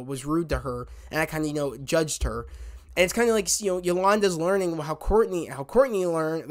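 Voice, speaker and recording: A man casually reviewing a TV episode, retelling scenes in a rambling, heartfelt way. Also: fairly high pitch. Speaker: TV show reviewer.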